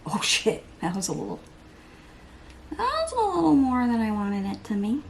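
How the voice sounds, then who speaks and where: A woman's voice: a little high, wildly swooping pitch, moderate pace, slight background noise. Chatty woman rambling through her makeup. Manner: rambling, self-mocking, breaks into playful voices and laughs. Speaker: beauty vlogger. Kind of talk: chatty get-ready-with-me vlog.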